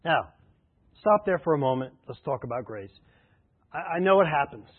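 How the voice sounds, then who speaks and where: A man's voice: fairly high pitch, lively intonation, normal speed, breathy edge. A man preaching a sermon as a pastor, emphatic and repeating his key phrases. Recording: tinny phone-like radio sound.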